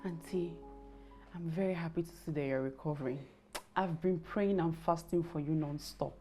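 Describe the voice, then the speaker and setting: A woman's voice: deep voice, normal speed, music in the background, natural voice. An actress playing a devout young woman with a Nigerian accent, reassuring her aunt.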